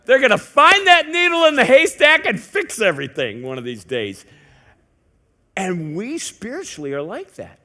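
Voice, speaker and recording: A man delivers a sermon from a church pulpit with a lively, swooping delivery that climbs and drops widely. He talks to the congregation like a friend, firing rhetorical questions and slipping in wry jokes. His voice sits high for a man. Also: normal speed. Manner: conversational preaching with rhetorical questions and joking asides. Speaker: pastor. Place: church sanctuary.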